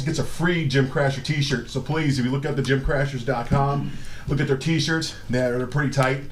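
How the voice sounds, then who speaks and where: A middle-aged man telling comic stories on a live show, animated and profane, often breaking into laughter. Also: medium pitch, a little hiss or hum. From Southern California. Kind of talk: casual comedic storytelling. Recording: live stream with faint ambience.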